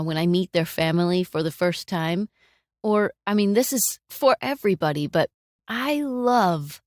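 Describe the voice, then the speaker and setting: A middle-aged woman hosting a solo talk on relationships, conversational, warm, and fond of rhetorical questions. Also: lowish voice, no room sound, studio quality. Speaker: podcast host.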